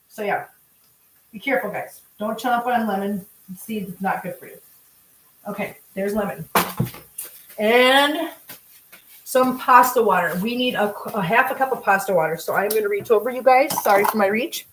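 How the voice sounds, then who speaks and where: Cooking at home on a livestream, a woman chats casually and thanks her viewers effusively, her voice a little high and her pace moderate. The rough recording has an echoey room sound and a bit of hiss or hum.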